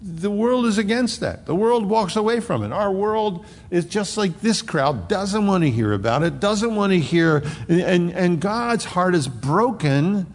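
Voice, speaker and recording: A male pastor preaching a sermon. He swings between emphatic, rising outbursts and hushed, low asides. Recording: long reverb of a large hall.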